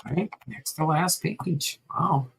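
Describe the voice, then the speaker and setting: A man reading a biography aloud at home, plainly, with small stumbles and quick asides. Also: on the high side, gravelly, a bit bright, poor audio.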